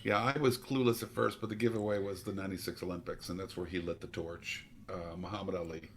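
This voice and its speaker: A man's voice: sits low, fairly even intonation, fast talker, a little hiss or hum. A man who is a regular on a casual podcast, joking around as a quiz contestant.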